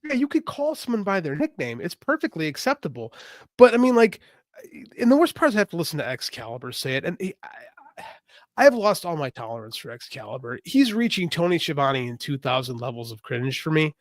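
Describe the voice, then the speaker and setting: A man co-hosts a podcast in lively conversation, his pitch rising and falling widely as he piles on exaggerated complaints. His voice sits slightly high, and the close recording is dry with no echo. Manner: animated, quick to agree, complains with exaggeration. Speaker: podcast co-host. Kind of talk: casual chat.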